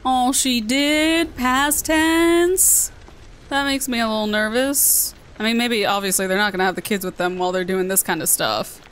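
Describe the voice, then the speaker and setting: Southern American woman gaming host, mid-pitch, playful let's play chatter. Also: quick pace, few pauses, a bit bright, slight background noise. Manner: chatty, playful, talking to herself.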